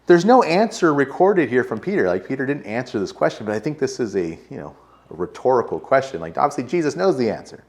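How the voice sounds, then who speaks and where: An American man preaching a sermon from the pulpit. His tone is relaxed and chatty, full of "like" and "you know" as he talks the congregation through a passage. His voice sits at an ordinary middle pitch. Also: fairly quick. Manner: casual, conversational preaching with frequent "like" and light laughs. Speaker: pastor. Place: church sanctuary.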